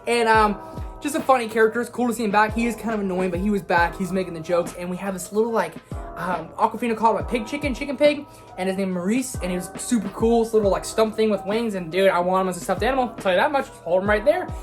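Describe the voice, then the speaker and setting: A woman's voice: medium pitch, quick pace, faint music behind. Hyped woman gushing over a movie. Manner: gushing, hyped, casual with swearing. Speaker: film reviewer. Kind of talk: excited spoiler movie review.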